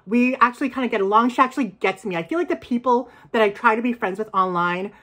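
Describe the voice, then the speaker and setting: A woman chatting casually as she unboxes and reviews secondhand bags, excitable and quick to gasp and laugh. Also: fairly high pitch. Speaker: reseller vlogger.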